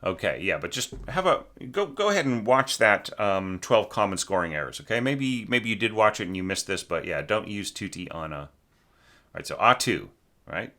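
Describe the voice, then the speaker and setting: A man's voice: lowish voice, animated, moderate pace, sharp tone. A man teaching orchestration, talking through a student's score in a loose, conversational way, often restarting sentences and singing phrases aloud. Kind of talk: informal score critique.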